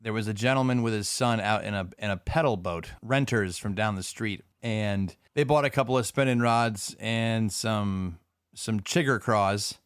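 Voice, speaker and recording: Laid-back co-host guy, lowish smooth voice, tells stories easy, dry mic. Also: normal speed, no room sound. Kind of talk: casual podcast chat.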